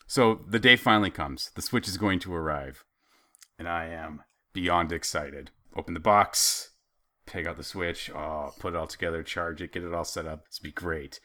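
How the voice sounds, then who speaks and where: Low-voiced guy with a bright edge, telling a story and doing all the voices. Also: moderate pace, no room sound. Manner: animated storyteller, acts out quoted lines. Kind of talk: storytelling in casual chat.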